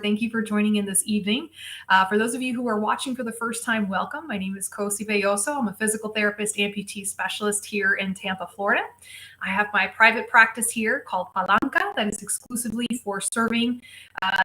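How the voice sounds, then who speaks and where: A woman's voice: medium pitch, pushed and bright. A woman physical therapist hosting a casual live show, chatty and greeting viewers by name. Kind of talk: casual live-stream chat. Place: home, Tampa.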